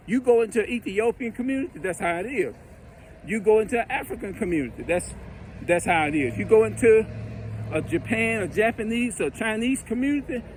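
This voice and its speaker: Guy with a pretty high voice just talking outside, rambly and casual, bit of street noise behind. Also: expressive, a little fast. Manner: rambling, conversational, acts out greetings. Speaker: religious commentator. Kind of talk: casual monologue.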